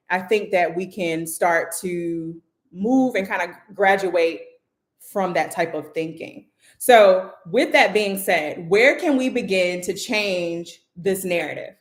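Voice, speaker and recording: A woman's voice: medium pitch, reverberant. A woman hosting and moderating a casual livestream discussion, talking loosely with lots of "like" fillers. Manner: loose, chatty, full of "like" fillers. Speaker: host and moderator.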